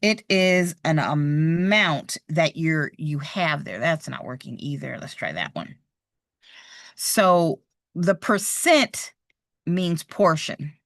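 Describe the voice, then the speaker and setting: Her deep, expressive voice takes things slowly on a dry, studio-quality recording. The woman is teaching real estate exam math in a live online lesson, talking through problems as she draws and keeping a patient, encouraging manner.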